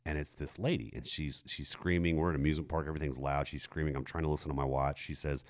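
A middle-aged man, telling a story in casual chat, jumping high in pitch when he quotes a woman. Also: steady tone, fast talker. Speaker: podcast co-host telling a story.

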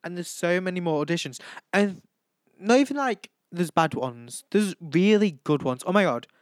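A man's voice: high voice, animated, normal speed, no echo. A teenage young man hosting a casual chat, gushing and camp, who keeps breaking into impressions. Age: teens. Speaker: vlog host.

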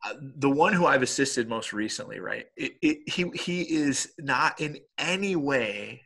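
A middle-aged man with a husky, slightly breathy voice talks in a relaxed conversation. He tells stories with animation and keeps checking in with his listener. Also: medium pitch, measured pace. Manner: animated storyteller with many "right?" tags. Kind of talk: casual conversation.

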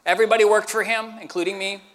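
A man preaching a sermon who tells a lively story and acts it out with sound effects. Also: high-pitched, quick pace, long reverb tail. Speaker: pastor.

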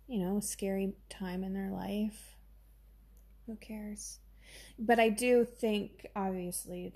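A woman co-hosts a casual podcast chat with a husky, breathy edge to her voice. She is chatty and acts out little scenes in quick put-on voices. Her tone sits mellow and dark. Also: medium pitch. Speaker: podcast co-host.

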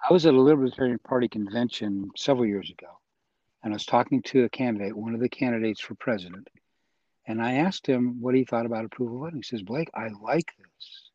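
A man being interviewed as a guest, a voting reform advocate, lays out his views earnestly and persuasively in a conversational manner. His voice is medium-pitched and warm, and he talks fast. The lo-fi recording has no echo.

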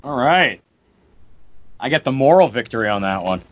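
A man joking around as a contestant in a casual podcast quiz, playful with quick comebacks. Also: mid-range voice, sing-song, fairly bright tone, lo-fi sound.

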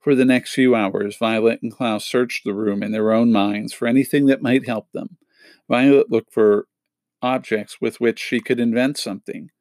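A man reading a children's novel aloud in a steady, measured storytelling manner. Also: mid-range voice, dry recording. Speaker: audiobook reader.

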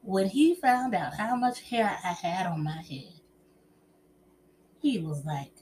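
Slow and pausing often, a middle-aged woman with a lowish voice shares personal stories and relationship tips with an audience. She's chatty and expressive, calling her listeners honey and child.

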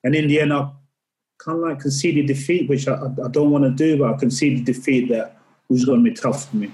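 On a low-quality recording, a middle-aged man speaks a little fast in a mid-range, slightly mellow voice with fairly even intonation. As a podcast guest he candidly recounts a personal story in earnest, often repeating words while recalling it.

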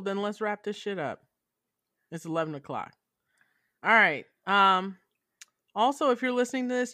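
A woman's voice: fairly low pitch, pushed and bright, no room sound, clean studio sound. A woman hosting a casual podcast chat, talking bluntly and swearing freely while she steers the group. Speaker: podcast host.

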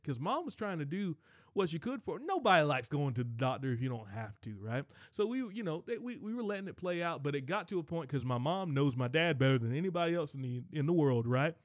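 A man preaching a sermon, telling a personal story with emotion, often addressing the audience as ladies and gentlemen. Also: a little high, lively intonation, normal speed, dry recording, clean studio sound. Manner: emotional, repeats "ladies and gentlemen", many restarts.

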